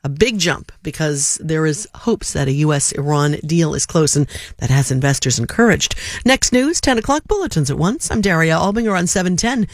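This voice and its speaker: Woman, news anchor, brisk steady delivery, dry studio sound. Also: deep voice, no echo. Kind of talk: scripted news bulletin. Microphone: studio microphone.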